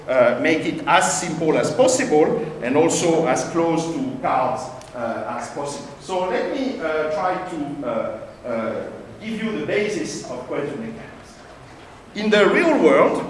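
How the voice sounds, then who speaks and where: Animated man lecturing in an echoey hall. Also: sits high. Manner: animated, playful, gestures with props. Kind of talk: public science lecture. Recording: echoey hall, distant mic, faint hiss.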